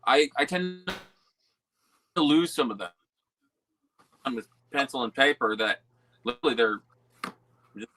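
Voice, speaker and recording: A man as a guest in a casual podcast chat, hesitant and halting with many fillers. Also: mid-range voice, lively intonation, fairly bright tone, a little hiss or hum.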